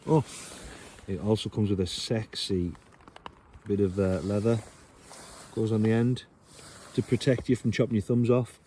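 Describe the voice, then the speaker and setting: With a fairly low, level voice, the bushcraft vlogger talks unhurriedly and leaves long pauses, his tone mellow against a little hiss or hum. Under a tarp in wet woods, he rambles about gear, poking fun at himself and saying um and er often. Rain falls throughout.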